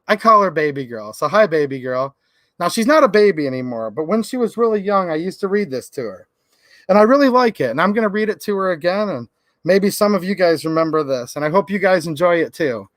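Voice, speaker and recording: A man's voice: high-pitched, sing-song, fairly quick, a bit bright, dry recording. A man hosting a livestream, talking in a fired-up, emphatic way. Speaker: livestream host. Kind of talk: casual livestream talk.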